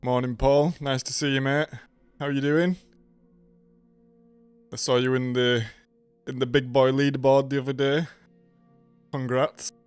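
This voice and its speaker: A man's voice: mid-range voice, little pitch movement, unhurried, pauses often, clear, resonant tone, no room sound, soft background music. A man hosting a casual live stream, nasal and congested from a cold, greeting viewers by name.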